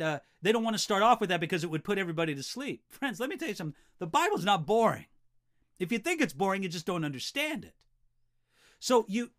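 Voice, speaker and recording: A man's voice: sits high, fairly bright tone. A man giving an earnest, direct teaching talk to preachers and Bible teachers, often repeating a word as he starts a sentence. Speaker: preaching instructor.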